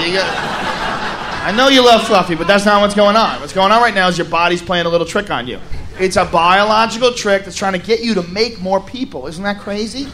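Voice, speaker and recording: Brief: young male stand-up comic, high voice, crude and animated, shouty bursts, noisy venue. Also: fairly quick. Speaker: stand-up comedian. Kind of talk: stand-up routine. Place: comedy stage before a live audience.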